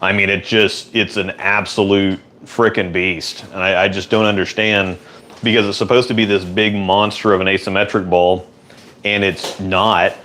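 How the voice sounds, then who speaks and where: A man hosting a relaxed, rambling chat in a workshop, answering viewer questions. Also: deep voice, moderate pace, slight background noise. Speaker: host. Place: indoor workshop.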